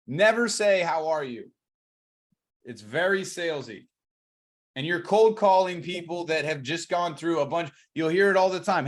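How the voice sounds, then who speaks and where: A man coaching on cold calling, energetic and acting out both sides of the calls. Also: a little high, moderate pace. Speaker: real estate coach.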